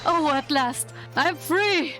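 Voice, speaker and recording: A woman reading a game aloud, voicing an excitable, gushing young Japanese man with high, breathless, theatrical exclamations. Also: normal speed, music in the background, natural voice. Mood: elated.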